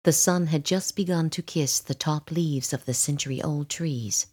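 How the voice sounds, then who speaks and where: A woman reading a children's storybook aloud, gentle and expressive. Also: low-pitched, unhurried, breathy edge. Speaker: narrator.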